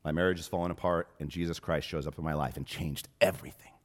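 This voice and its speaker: Low-voiced man preaching with passion. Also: steady tone, fast. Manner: impassioned preaching, swings from hushed to loud. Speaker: pastor. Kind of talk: sermon.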